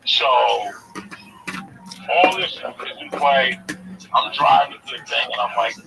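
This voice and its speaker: A male storyteller guest with a mid-range voice, vocal fry, and a slightly slow pace casually tells a profane story, acting out the dialogue as he goes and pausing often. He's recorded far from the mic with music behind him.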